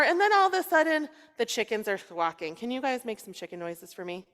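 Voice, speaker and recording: Lively woman rabbi telling a story. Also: a little high, normal speed, few pauses. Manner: lively, playful, coaxing the children. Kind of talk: storytelling sermon to children. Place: synagogue sanctuary. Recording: long reverb in a large hall.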